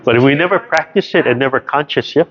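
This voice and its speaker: A man's voice: a little high, quick pace, fairly bright tone. A man teaching a tai chi class over a video call, explaining carefully and checking in with "right?" after almost every point. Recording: dull lo-fi video call audio.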